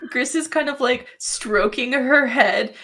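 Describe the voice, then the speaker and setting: Brief: giggly high-voiced woman, tabletop player. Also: measured pace, a bit bright. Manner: giggly, hesitant. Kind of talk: tabletop game play. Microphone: online call.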